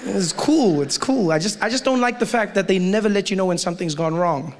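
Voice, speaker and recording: A stand-up comedian telling an animated, excitable story. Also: male voice, high voice, fast talker, big-room sound, slight background noise.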